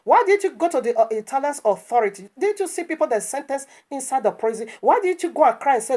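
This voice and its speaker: A woman's voice: high-pitched, big pitch swings, a little fast, darkish tone. A woman preaching online in an impassioned, scolding commentary that is full of rhetorical questions and stammered restarts.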